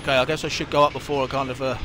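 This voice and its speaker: A man's voice: mid-range voice, little pitch movement, racing. A man commentating a horror game, swearing a lot, jumpy, and talking back to the characters on screen. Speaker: gamer.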